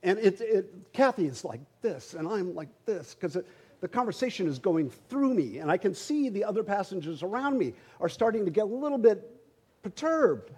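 A man's voice: high-pitched, very animated, moderate pace, darkish tone, husky. A middle-aged man, a pastor, preaching a sermon through a humorous, conversational personal story, often repeating words as he starts sentences.

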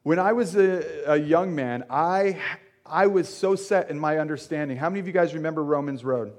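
In a church sanctuary, a young male pastor with a slightly high voice gives a conversational sermon at a moderate pace. He jokes with the congregation and uses lots of fillers.

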